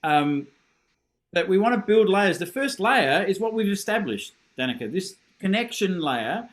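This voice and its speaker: A man's voice: high-pitched, sing-song, moderate pace. Upbeat man teaching on a video call. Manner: encouraging, self-deprecating, demonstrates with sung syllables. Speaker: horn teacher giving a masterclass.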